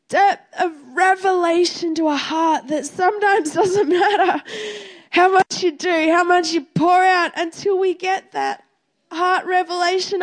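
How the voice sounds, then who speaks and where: A woman sharing an emotional spoken testimony in a heartfelt, repetitive way, as a ministry speaker. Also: very high-pitched.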